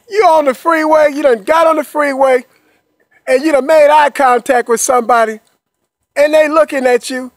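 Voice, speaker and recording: A man with a high, light voice delivers a cheerful pep talk straight to his listeners. He repeats himself in a coaxing rhythm, keeps checking that they are with him, and laughs playfully between points. The recording is close and dry, with no room sound. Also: no echo. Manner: repetitive and coaxing, checks in with the listener after nearly every phrase. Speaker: motivational speaker. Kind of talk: upbeat motivational monologue.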